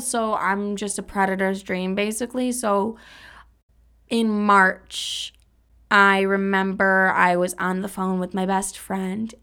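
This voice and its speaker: Candid young woman with a gravelly voice. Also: medium pitch, a bit bright. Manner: candid, profane, dramatic retelling with acted-out quotes. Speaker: podcast host. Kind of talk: casual storytelling monologue.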